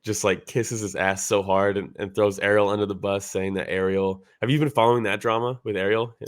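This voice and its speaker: Speaking a little fast in a fairly low voice with little pitch movement, a man co-hosts a podcast and casually analyzes a fight. His talk wanders, heavy on "like" fillers, and he laughs while recounting it. The sound is clean studio audio with no echo.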